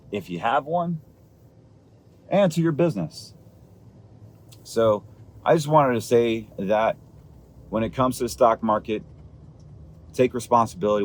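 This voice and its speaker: A man's voice: fairly low pitch, darkish tone. A man hosting a candid monologue show, talking with fiery, preachy emphasis that rises as he presses his point. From Puerto Rican heritage. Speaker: podcast host, financial advisor.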